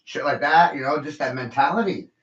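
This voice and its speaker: A man rants with heated profanity in a loose podcast conversation. His voice sits a little high. The recording is roomy and echoey, with a dull, lo-fi tone. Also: fairly quick, a bit bright. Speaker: podcast host. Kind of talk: casual podcast rant.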